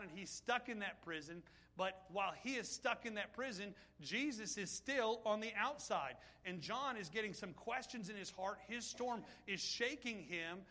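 Male pastor, lively sermon delivery, high ringing voice. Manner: animated preaching, reads scripture aloud, asides to the congregation.

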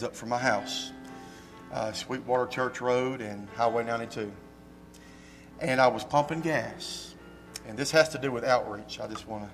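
A man, a pastor giving church announcements and telling a story in a folksy, animated way with emphatic rises, fighting a slight cough. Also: mid-range voice. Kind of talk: church announcements and sermon talk. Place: church sanctuary.

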